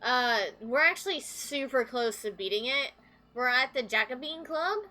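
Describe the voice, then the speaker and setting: A woman's voice: high voice, lively intonation, moderate pace, bright, forceful tone. A woman streaming a video game live, rambling to her chat with lots of fillers. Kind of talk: live gameplay commentary.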